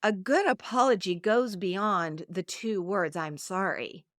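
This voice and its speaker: A middle-aged woman talks through her solo podcast in an earnest, coaching manner. Her voice sits at a middle pitch, and the recording is dry and close. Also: a little slow, no room sound. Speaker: podcast host.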